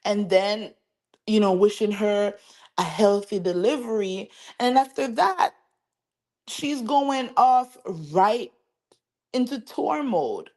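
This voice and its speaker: A woman hosting a celebrity gossip show, giving chatty, animated commentary and talking straight to her viewers. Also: medium pitch, slow pace. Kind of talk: casual commentary to camera.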